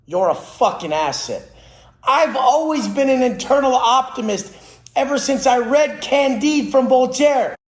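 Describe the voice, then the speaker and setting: A man who trains people for a living, giving a blunt, profane motivational rant with aggressive, preachy force. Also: extremely high pitch. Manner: blunt, aggressive, heavy swearing. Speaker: fitness trainer. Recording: roomy echo.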